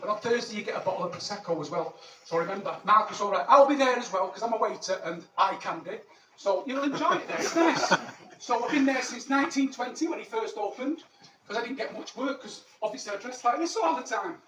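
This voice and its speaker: A man's voice: sits high, animated, quick pace. Man doing a crude rambling Roman soldier. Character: cheeky ancient Roman soldier living in Manchester. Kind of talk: character stand-up monologue. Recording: echoey, distant mic, background noise.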